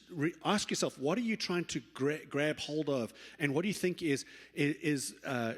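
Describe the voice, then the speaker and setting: Man preaching in a reverberant church. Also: on the high side. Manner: lively storytelling, acts out quoted voices, self-correcting restarts. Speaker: pastor. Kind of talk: sermon. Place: church sanctuary. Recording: long reverb of a church hall.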